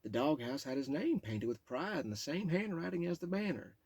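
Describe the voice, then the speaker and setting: A man's voice: fairly high pitch, sing-song, a little fast, darkish tone, husky, dry recording. A man reading his own memoir aloud, raw and profane, stumbling and stopping when memories overwhelm him.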